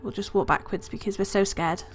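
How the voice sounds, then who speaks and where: A woman's voice: mid-range voice, slightly rough. Chatty woman playing a game. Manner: chatty, excitable remarks. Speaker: let's play host. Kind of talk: casual gameplay commentary.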